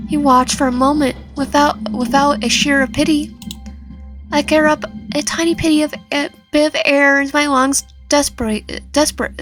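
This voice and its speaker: High-voiced young woman narrating a horror game. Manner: reads game text dramatically, stumbles and restarts words. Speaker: gaming channel host. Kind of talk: reading a visual novel aloud with commentary. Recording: faint game music behind.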